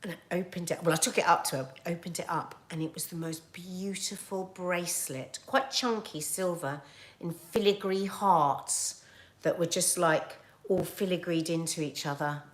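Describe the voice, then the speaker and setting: A middle-aged woman with a British accent, hosting a casual livestream chat and telling stories in an animated, chatty way. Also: on the low side, moderate pace. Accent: British English. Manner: animated, chatty storytelling with laughs and asides. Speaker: livestream host reading viewer comments.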